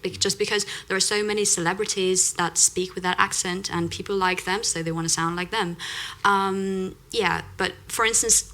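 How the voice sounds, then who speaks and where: A woman from Russia, a native Russian speaker working as an accent coach, chatting as a podcast guest in quick bursts filled with "you know" and "like". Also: mid-range voice, pushed and bright. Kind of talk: casual interview chat.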